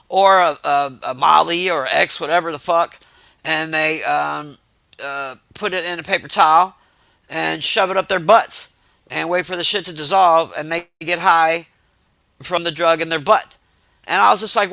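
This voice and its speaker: A man with a high, bright, forceful voice tells stories to his chat in a loose, profane rant. He sounds exasperated and animated, full of fillers and asides. The sound is close and dry, with no room around it. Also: normal speed, gravelly, no room sound. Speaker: streamer telling stories to chat. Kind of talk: casual storytelling rant.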